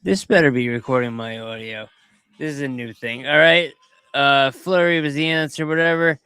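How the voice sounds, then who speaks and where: A man hosting a podcast, talking casually and in a rambling way as he comments over video clips, quick to get excited. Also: mid-range voice, smooth, no room sound. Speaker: podcast host.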